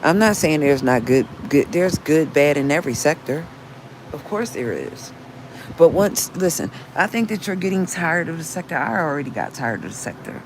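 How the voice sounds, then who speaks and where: A woman's voice: low voice, big pitch swings, moderate pace, slight background noise, rough recording. A woman, talking on her livestream in an earnest, repetitive way, restarting often and citing scripture. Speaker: livestream host. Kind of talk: casual livestream talk, preaching.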